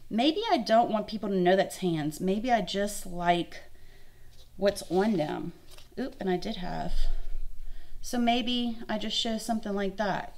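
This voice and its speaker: A young woman art teacher walks children through a craft lesson in a friendly, encouraging way. She thinks aloud as she demonstrates, and her voice sits at a middling pitch. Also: measured pace, darkish tone. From Louisiana. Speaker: art instructor.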